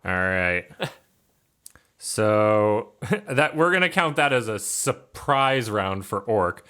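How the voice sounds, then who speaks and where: A man's voice: lowish voice, expressive, slow pace, sharp tone, clean tone. A man narrating as game master in a tabletop game, loose and casual with many fillers.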